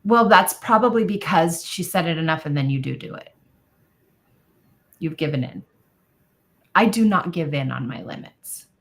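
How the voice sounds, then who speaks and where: A woman's voice: deep voice, lively intonation, moderate pace, long pauses, a bit bright. A woman parenting coach explaining her approach in an emphatic, firm advice conversation.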